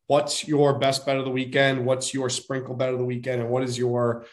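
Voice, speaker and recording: A man's voice: medium pitch, monotone, normal speed. An upbeat man co-hosts a casual sports podcast. He chats easily as he runs a quiz segment. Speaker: podcast co-host.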